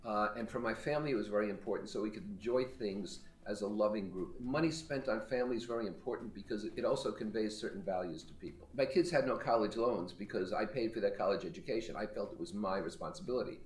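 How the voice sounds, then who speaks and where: A man's voice: fairly low pitch, fast, few pauses. A man working as a business coach, speaking bluntly and emphatically in an interview. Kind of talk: interview clip. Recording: echoey room, mic far off.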